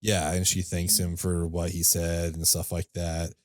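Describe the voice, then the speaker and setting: Deep-voiced man chatting casually. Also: completely flat delivery, unhurried. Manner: rambling, filler-heavy, laughs easily. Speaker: podcast co-host. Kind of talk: casual chat.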